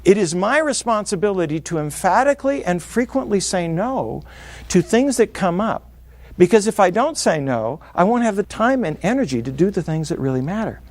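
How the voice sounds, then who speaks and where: A middle-aged man giving a motivational seminar talk, animated and playing out quoted voices. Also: high voice, moderate pace, no room sound. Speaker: speaker.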